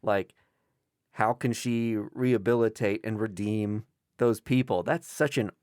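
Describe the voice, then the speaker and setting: A man's voice: fairly low pitch, a little slow, a little mellow, smooth, no room sound, clean studio sound. A man co-hosting a podcast, chatting casually and jokingly about comics, swearing now and then. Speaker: podcast co-host.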